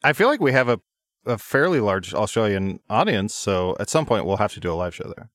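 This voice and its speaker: Animated joking man from Chicago. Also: fairly low pitch, a little fast, dry recording, studio quality. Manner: jokey banter with silly bits. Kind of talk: casual comedic chat.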